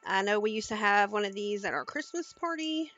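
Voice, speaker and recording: A woman's voice: mid-range voice, expressive, fairly quick, a bit bright, highs cut off. A woman cooking on a live stream, chatting casually and talking viewers through each step into a headset mic in her home kitchen.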